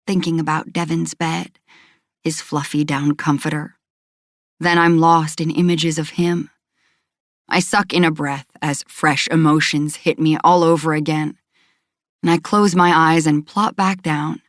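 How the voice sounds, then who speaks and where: Female audiobook narrator, low voice, subdued reading, dry close studio sound. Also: no echo. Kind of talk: first-person romance narration.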